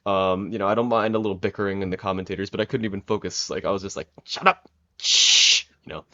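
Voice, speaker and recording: A man's voice: sits low, steady tone, rapid-fire, dull audio. A young man giving a casual spoken review, rambling with many fillers and restarts. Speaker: wrestling reviewer.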